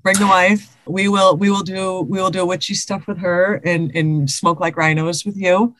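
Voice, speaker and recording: A woman's voice: lowish voice, steady tone, moderate pace, fairly bright tone, no echo. A woman co-hosting a podcast, chatting casually and reading listener stories aloud with laughs and swearing. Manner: laughing, swearing, repeats herself.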